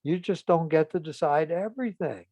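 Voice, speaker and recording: Man, story retelling, acts out the dialogue, fairly high voice, dry close sound. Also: normal speed, no echo. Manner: animated retelling, voices the people in the story with rising emphasis.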